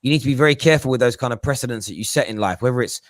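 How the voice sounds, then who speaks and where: A man chatting casually as a football podcast pundit, animated and joking, slipping into mimicking voices. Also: medium pitch, racing, dry recording.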